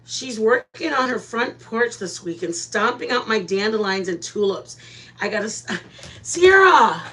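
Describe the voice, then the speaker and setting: A woman hosting a live stream, chatting casually with viewers and telling animated stories, often laughing. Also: on the high side, a little slow.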